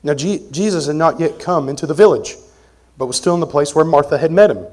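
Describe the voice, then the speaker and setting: Pastor preaching with forceful emphasis. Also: male voice, a little high, lively intonation, fairly quick. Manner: conversational, shifts between forceful emphasis and quiet asides. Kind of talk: expository sermon. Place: church sanctuary.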